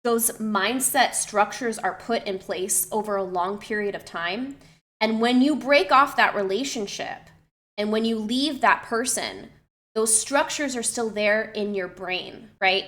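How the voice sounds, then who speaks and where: Woman streamer, young adult, casual chat to her viewers, thoughtful, full of ums and restarts; middle pitch. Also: fairly bright tone. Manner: reflective, with many fillers and restarts. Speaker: streamer and personal trainer.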